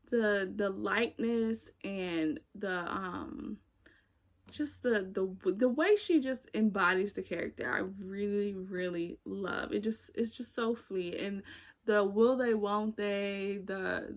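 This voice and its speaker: A woman's voice: medium pitch, fairly bright tone. Rambling young woman chatting about movies. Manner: rambling, searching for words, frequent fillers. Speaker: YouTuber reviewing movies. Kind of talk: casual chat.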